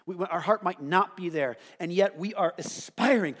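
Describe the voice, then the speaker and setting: A man's voice: high voice, normal speed. Man preaching in an echoing hall. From United States. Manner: animated, conversational preaching with rhetorical asides. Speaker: pastor. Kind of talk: sermon.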